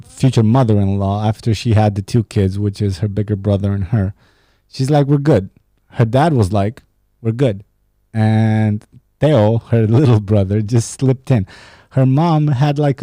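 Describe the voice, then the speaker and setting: A young Romanian man hosts a casual solo podcast, talking loosely and profanely and laughing at his own jokes. His low, dark voice is recorded close and dry on a studio podcast mic, with no room around it.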